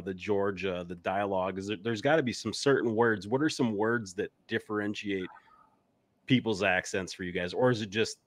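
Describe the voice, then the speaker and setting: A man with a low voice and a Wisconsin accent chats on a podcast, blunt and unfiltered. He drifts from story to story with plenty of cursing. The sound is dry and close. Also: dry recording. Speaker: podcast host. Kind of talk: casual podcast chat.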